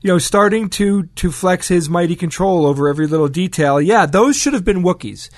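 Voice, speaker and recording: A man's voice: high voice, animated, a little fast, no room sound, clean studio sound. A man co-hosting a podcast, chatting in a rambling, agreeable way. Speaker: podcast co-host. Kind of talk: casual chat.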